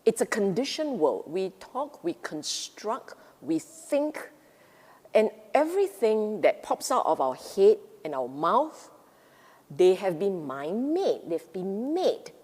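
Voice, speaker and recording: A woman's voice: mid-range voice, very animated, slow pace, a little mellow, slightly rough, long reverb tail. A woman teaching Dharma in an emphatic way, often repeating and rephrasing herself and acting out the inner voices of the mind. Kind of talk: Buddhist Dharma talk.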